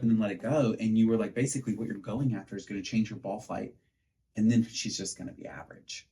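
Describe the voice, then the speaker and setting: A man, co-hosting a podcast. He tells coaching stories in a lively, animated way and acts out what people said. His voice sits a little low. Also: fast talker. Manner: animated storyteller, acts out quotes. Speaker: podcast co-host, pitching coach. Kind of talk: casual chat.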